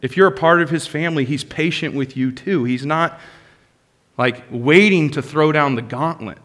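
A man preaching with passion, his bright, forceful voice rising to loud bursts and then falling to soft, hushed lines. He speaks a little higher than most men. His sermon rings out in a large sanctuary with a long hall reverb. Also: normal speed. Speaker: pastor.

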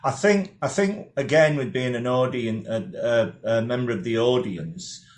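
Brief: man, easygoing podcast host, mid pitch, echoey room. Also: measured pace, darkish tone. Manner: friendly, anecdotal, frequent "yeah" backchannels. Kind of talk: casual interview chat.

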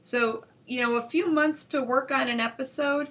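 A woman's voice: sits high, steady tone, normal speed, fairly bright tone. A woman co-hosting a podcast in casual chat, chatty and upbeat. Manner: chatty, upbeat, laughs easily. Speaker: podcast co-host.

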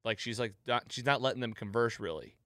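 A man's voice: medium pitch, a little fast, fairly bright tone, dry recording, studio quality. A man hosting a podcast, animatedly retelling a TV episode in casual chat and laughing at the jokes. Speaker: podcast host.

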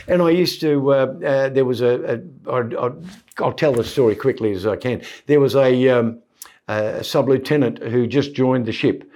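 A man, a comedian guest telling self-deprecating anecdotes in a relaxed, rambling interview. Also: mid-range voice, normal speed. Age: 70s. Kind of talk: casual interview storytelling.

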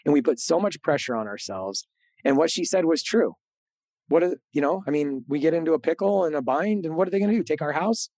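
A man's voice: a little high, fairly quick, no echo. Earnest man telling a story, dry mic. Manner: animated, earnest, repeats words as he talks. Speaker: podcast host being interviewed. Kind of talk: candid storytelling interview.

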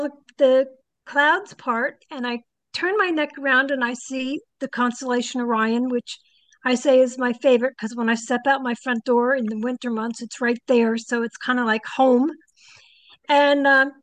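A woman's voice: high voice, no echo. An older woman, a psychic guest, telling stories in a casual interview and animatedly acting out the people she quotes.

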